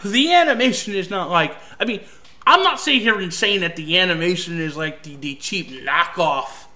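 A man's voice: fairly high pitch, pushed and bright. A man ranting through a film review, exasperated and sarcastic, swearing freely.

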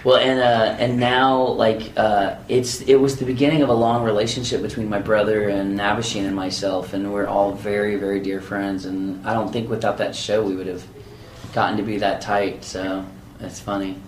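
A man, a voice actor, telling lively anecdotes in an interview and acting out the people he quotes. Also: fairly low pitch, moderate pace, slight background noise. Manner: animated, acts out quoted voices. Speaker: voice actor guest. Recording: echoey room with faint ambience.

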